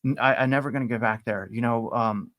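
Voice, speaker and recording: Animated storytelling man, close dry mic. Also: a little fast, no room sound. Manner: animated, repeats himself, acts out quotes with rising pitch. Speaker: podcast guest. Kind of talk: casual interview storytelling.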